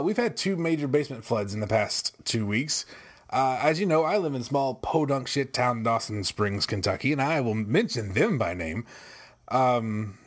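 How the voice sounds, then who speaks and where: A man casually telling a story to his regular viewers, exasperated and wry, with some swearing. He laughs at his own bad luck and acts out the phone calls he quotes in a raised voice. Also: mid-range voice.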